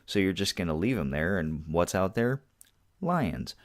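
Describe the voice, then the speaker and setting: A man co-hosting a casual movie review podcast, making dry jokes and slowing down to make his points. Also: low-pitched, very animated. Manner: dry, joking asides, slows down to make points. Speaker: podcast co-host.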